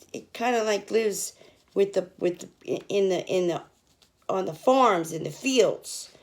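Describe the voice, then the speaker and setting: A woman's voice: mid-range voice, vocal fry. A young woman teaching children, reading an alphabet picture book aloud and sounding out each letter. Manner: slow, sounding out letters, lively sing-song.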